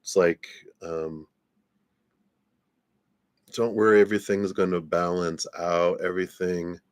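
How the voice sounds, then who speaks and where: Deep-voiced man giving a relaxed tarot reading. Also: a little slow, dry recording, clean studio sound. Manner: laid-back, laughs often, trails off and restarts. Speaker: tarot reader. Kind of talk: live-stream tarot reading.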